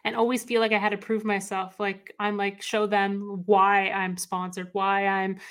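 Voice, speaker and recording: Bright-voiced easygoing woman. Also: medium pitch, moderate pace, clean tone. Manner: easygoing, relaxed, lots of fillers. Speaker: guest, pro snowboarder. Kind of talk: casual chat.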